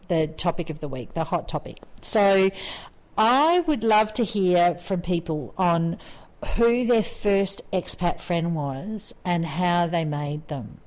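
A woman's voice: lowish voice, unhurried, darkish tone. A woman in her forties with an Australian accent, co-hosting a podcast and telling a story in a rambling, chatty way with frequent laughs. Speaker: podcast co-host. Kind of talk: casual storytelling chat.

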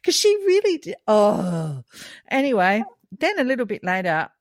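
A woman's voice: medium pitch, normal speed, no echo. Woman in her fifties, podcast co-host, laughing storyteller, dry booth sound. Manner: lively, laughs often while telling stories. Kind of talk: casual storytelling chat.

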